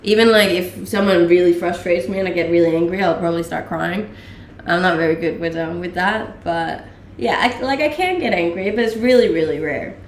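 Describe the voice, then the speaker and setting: A woman's voice: fairly low pitch, brisk, hardly any pauses, a little hiss or hum. A young woman from Denmark chatting casually on a live stream, answering viewer questions in an easygoing way with frequent laughs and lots of fillers. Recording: echoey room, mic a little distant.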